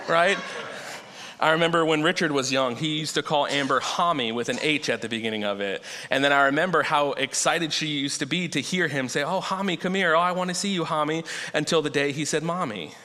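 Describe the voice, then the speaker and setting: A man delivers a sermon in an easy, conversational way, drawing out the words he wants to land. His voice is bright and forceful. The long reverb of a large church sanctuary trails behind every phrase. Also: mid-range voice. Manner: conversational, slows down to stress key points. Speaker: preacher.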